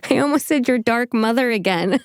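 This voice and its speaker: A woman's voice: a little high, normal speed, no echo, studio quality. A woman hosting a podcast in casual chat, chatty and giggly, swearing freely. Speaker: podcast host.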